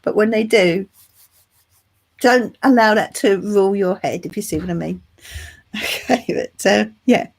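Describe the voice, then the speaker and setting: A middle-aged Englishwoman who is recovering from the flu hosts her own channel, reading tarot cards live. Her mid-range voice is unhurried, with vocal fry and frequent pauses. She's chatty and affectionate, calling her viewers "love" and "darling."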